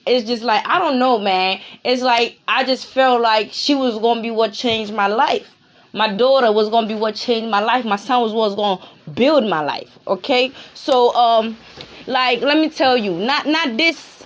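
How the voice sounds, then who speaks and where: A woman in her thirties hosting a spiritual live broadcast, talking in a rambling, slangy way and swearing freely. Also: fairly high pitch. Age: 30s. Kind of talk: casual chat.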